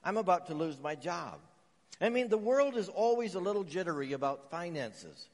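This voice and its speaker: A man's voice: sits high, expressive, normal speed, big-room sound. A man from Canada preaching a sermon, telling stories and raising emphatic questions as he teaches. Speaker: pastor.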